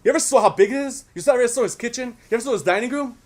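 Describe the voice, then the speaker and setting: Brief: man doing a pushy, high, loud synagogue regular, incredulous questions. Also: racing.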